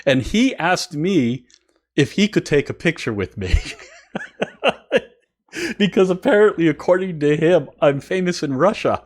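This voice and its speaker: A man who hosts a music channel, telling a story casually and excitedly, with many fillers and frequent laughter. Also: a little high, unhurried, pauses often.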